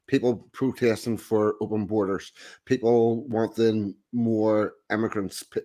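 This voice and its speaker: A man's voice: lowish voice, flat delivery, a little slow, mellow. Dry, matter-of-fact male co-host. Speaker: co-host of a commentary stream. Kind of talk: casual political commentary chat.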